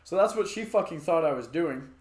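A man's voice: a little high, lively intonation, brisk. Profane, rambling man in an echoey room. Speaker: podcast co-host. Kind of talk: casual chat.

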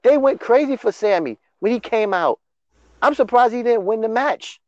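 A man hosting a casual wrestling recap podcast, excitable and full of restarts. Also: extremely high pitch, moderate pace, dry recording, dull audio. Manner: excitable, repetitive, stumbling restarts. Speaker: podcast host.

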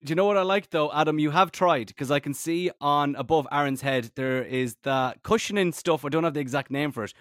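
A man chatting casually on a podcast as a guest, a lively, jokey storyteller. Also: fairly high pitch, a little fast, few pauses, no room sound, studio quality. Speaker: radio presenter guest.

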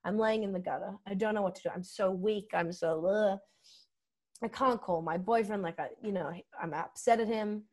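A woman's voice: medium pitch, a little fast, few pauses. Young aussie woman comedian, spilling a wild story, acts out every quote. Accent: Australian. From Australia. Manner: animated, swings into acted-out quotes. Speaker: podcast guest, comedian. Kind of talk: candid comic storytelling.

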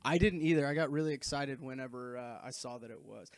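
A man's voice: mid-range voice, fast. A man in his thirties hosting a casual movie commentary podcast, playful and self-mocking in his banter. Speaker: podcast host.

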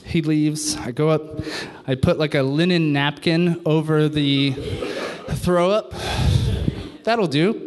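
A man's voice: on the high side, slow. A man in his thirties telling a stand-up story on a club stage, swearing and acting out every voice. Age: 30s. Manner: animated, profane, acts out quotes. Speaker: stand-up comedian. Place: comedy club stage with audience.

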